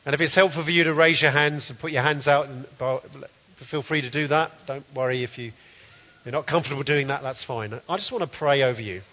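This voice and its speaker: A man's voice: mid-range voice, brisk, bright, forceful tone. A man preaching a sermon, reading scripture aloud and commenting earnestly. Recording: dull, roomy hall sound.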